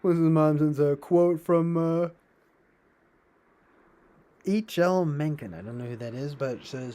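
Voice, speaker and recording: Speaking at a measured pace with long pauses, this man has a slightly high voice and a dark tone. His livestream is loose, rambling chat, full of sarcastic remarks and frequent laughter, and his thoughts tend to trail off.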